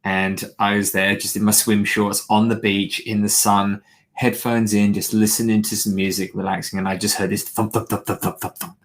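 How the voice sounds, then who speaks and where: A man's voice: lowish voice, flat delivery, normal speed. Man telling a joking story on a podcast. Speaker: podcast co-host. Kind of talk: casual chat.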